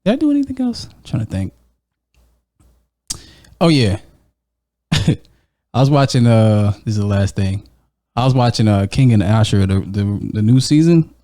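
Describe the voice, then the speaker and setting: Animated, profane man telling stories. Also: fairly low pitch, measured pace, pauses often, no room sound, clean studio sound. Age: adult with a young daughter. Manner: animated storytelling, heavy profanity, laughs often. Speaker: podcast co-host. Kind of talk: casual chat.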